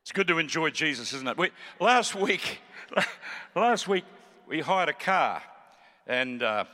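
A man in his seventies with an Australian accent, preaching as a guest pastor, joking with the crowd and rising to fervent shouts. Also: on the high side, sing-song, takes it slowly, long reverb tail. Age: 70s. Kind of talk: sermon with joking banter.

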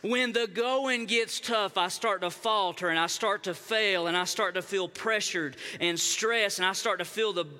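High, sharp-voiced preaching man. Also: fairly even intonation, moderate pace, few pauses, big-room sound. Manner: fervent preaching with repeated cadences. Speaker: pastor. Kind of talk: sermon. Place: church sanctuary.

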